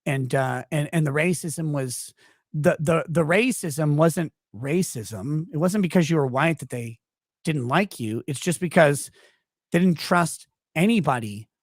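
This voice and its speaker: A man's voice: a little high, measured pace, no room sound, clean studio sound. A man in his forties from Houston, a podcast guest telling a rambling, profane story in casual chat. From Houston, Texas.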